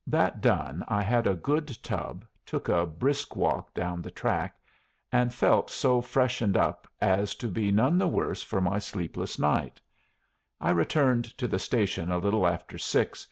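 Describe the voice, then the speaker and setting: Gravelly, husky male audiobook narrator. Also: lowish voice, big pitch swings, measured pace, lo-fi sound. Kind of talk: first-person audiobook narration.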